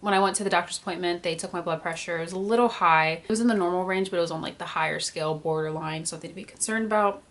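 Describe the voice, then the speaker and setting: Talking rapid-fire with hardly any pauses, a young woman in her early twenties shares a personal story on her vlog. Her voice is lowish, and she's candid and emotional, holding back tears and filling her speech with "like."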